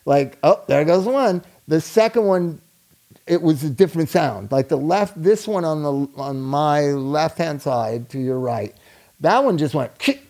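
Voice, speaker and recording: A man's voice: fairly high pitch, a little slow, a little mellow. A man in casual chat, telling a story animatedly and acting out the people in it.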